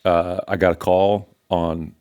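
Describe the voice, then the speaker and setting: A man's voice: low voice, flat delivery, measured pace, a little mellow, highs cut off. An older man, a pastor, teaching from scripture in an earnest, emphatic conversational way. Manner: earnest, emphatic, repeats phrases for stress.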